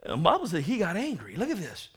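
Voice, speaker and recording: A man preaching a sermon to his congregation, swinging from hushed asides to loud, stretched-out shouts as he acts out the Bible story. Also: high-pitched, huge pitch swings, fast, slightly rough.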